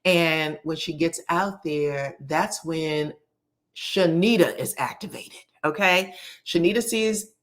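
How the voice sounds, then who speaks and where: Animated woman recapping reality TV. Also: deep voice, slow. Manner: animated, slangy, acts out the quotes she retells. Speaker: YouTube reality TV reviewer. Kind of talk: casual recap commentary.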